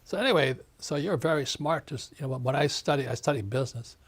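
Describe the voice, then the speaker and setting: Talking fast in a husky, medium-pitched voice, a man in his seventies, an author, rants through an animated interview, doubling back on words and imitating other people.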